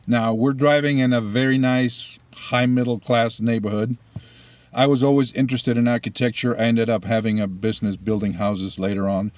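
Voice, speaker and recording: A man's voice: medium pitch, steady tone, a little mellow, dry recording. A middle-aged man whose first language is Spanish, giving a blunt, opinionated monologue of political commentary with personal stories. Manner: deliberate, blunt, opinionated storytelling.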